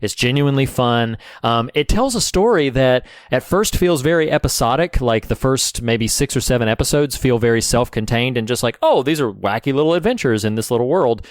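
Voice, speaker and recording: Man, podcast co-host, casual chat, mid-pitched voice, dry close sound. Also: lively intonation, fairly quick, few pauses, dry recording. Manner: chatty, enthusiastic, laughs easily.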